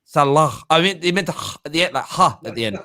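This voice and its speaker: A man hosts a casual football show, voice sitting a little high and lively, telling jokey stories. The sound is close and dry, with no room around it. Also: rapid-fire, no echo. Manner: animated, jokey storytelling. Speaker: host.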